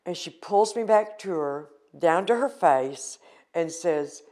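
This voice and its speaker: A woman's voice: on the low side, animated, slow, dark tone. An older woman from the United States recounting a painful personal experience in an earnest, emotional interview.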